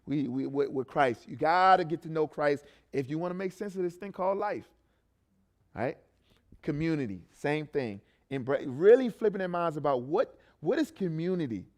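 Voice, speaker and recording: A man's voice: on the high side, expressive, moderate pace, a little mellow. A man who coaches a youth ministry, giving a sermon testimony in a conversational way, full of restarts and tag questions. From not from Baltimore. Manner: conversational, many fillers and restarts, frequent "right?".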